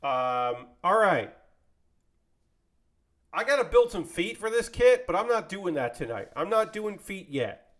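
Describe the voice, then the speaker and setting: A man's voice: high-pitched, unhurried, long pauses. A man chatting casually with his live-stream audience while building a model kit, rambling and joking as he goes. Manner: rambling, animated, jokey, talks to chat.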